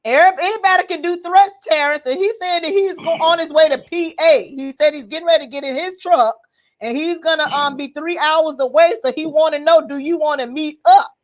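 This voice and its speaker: A woman's voice: high voice, brisk. A woman hosting a casual gossip livestream, talking in a sassy, dramatic way and repeating her caller's words back to the audience. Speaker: gossip show host.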